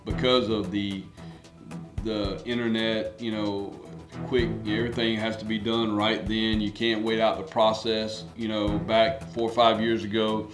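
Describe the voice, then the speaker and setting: Folksy low-voiced man in an echoey room. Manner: folksy, emphatic, rambling with fillers. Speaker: baseball coach and podcast host. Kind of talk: casual interview chat. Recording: echoey room with loud music behind.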